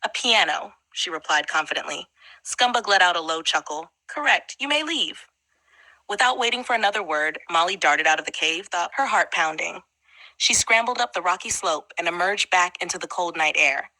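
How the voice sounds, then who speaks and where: A woman reading a fantasy audiobook in a steady storytelling manner. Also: on the low side, fairly quick, no echo, poor audio. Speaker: audiobook narrator. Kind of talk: scripted fantasy audiobook narration.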